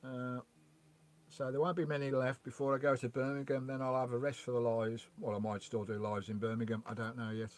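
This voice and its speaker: A man's voice: mid-range voice, little pitch movement, a little fast. A man hosting a casual live stream outdoors by a loch, chatting away and greeting viewers as he reads their messages, on a remote mic. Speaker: vanlife livestream host. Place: outdoors by a loch beside his van. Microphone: remote microphone.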